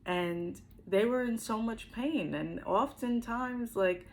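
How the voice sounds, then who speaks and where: A woman's voice: on the high side, slow, low-quality recording. A middle-aged woman, a spiritual healer, telling her own story to the camera earnestly and reflectively, often repeating her phrases. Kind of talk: personal testimony to camera.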